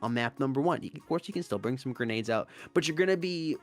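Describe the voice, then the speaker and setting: A man co-casting a mobile esports tournament, breaking down strategy in an animated, analytical way. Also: mid-range voice, fast, soft background music. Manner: animated, analytical, stresses key words. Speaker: esports co-caster.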